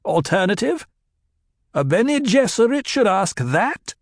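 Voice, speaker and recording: A man's voice: high voice, sing-song, takes it slowly, creaky, no room sound, clean studio sound, pitched above the performer's own voice, full character voice. A man putting on a snappish sneering old woman. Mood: lecturing. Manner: sneering, cruel mimicry. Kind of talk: audiobook character reading.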